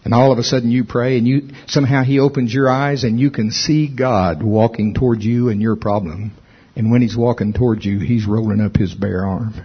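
A man preaching a sermon with emphatic delivery, rising in pitch when stirred. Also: steady tone, brisk, husky, dull audio. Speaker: pastor.

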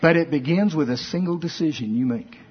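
Man preaching, husky voice, folksy and animated, dull lo-fi sound. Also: fairly high pitch, fairly quick. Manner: folksy and animated, rising to shouts at climaxes. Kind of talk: sermon. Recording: dull lo-fi recording.

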